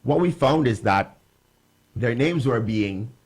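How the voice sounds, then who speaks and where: A man's voice: medium pitch, animated, slow, slightly rough. A man from Jamaica with a Jamaican accent, co-hosting a studio talk show and telling family stories with frequent laughter. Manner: warm, laughing storyteller. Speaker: co-host. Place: radio studio.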